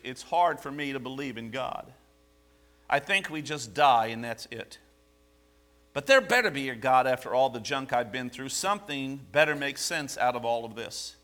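A man preaching a sermon, animated, asking the congregation rhetorical questions. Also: mid-range voice, moderate pace. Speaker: pastor.

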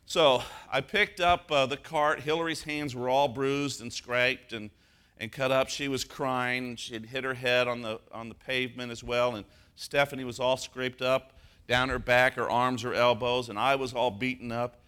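A man preaching a sermon as pastor, moving from a personal story to emphatic, slowed stress on key words. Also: mid-range voice, steady tone, bright, forceful tone, clear, resonant tone.

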